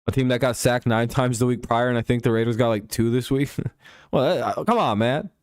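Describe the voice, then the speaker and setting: A man's voice: mid-range voice, fairly quick, darkish tone, smooth, dry recording, clean studio sound. A man hosting a live stream, chatting casually with viewers over a football game and joking with profanity and frequent laughs. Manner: joking, profane banter with chat, laughs often. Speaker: livestream host.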